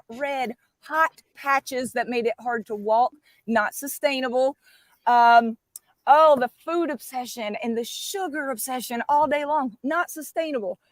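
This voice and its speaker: High-pitched woman, fired-up guest, dry close sound. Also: no echo. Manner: fired-up, animated storytelling. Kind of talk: enthusiastic livestream chat.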